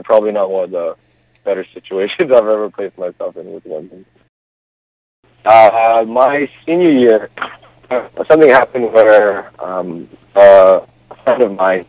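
A man in his thirties telling a personal story casually, with relaxed fillers, restarts and laughs. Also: low voice, dry recording, lo-fi sound. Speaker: storyteller guest.

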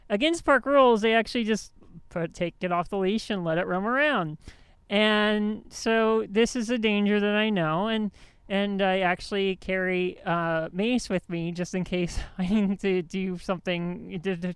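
A woman's voice: medium pitch, smooth, no room sound. A woman hosting a show, telling a story in a casual monologue with indignant emphasis and many restarts. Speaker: host.

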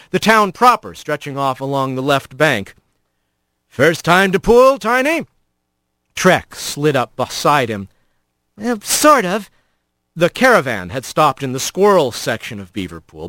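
A man reading a storybook aloud as narrator, in an expressive, animated way. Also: on the high side, no room sound.

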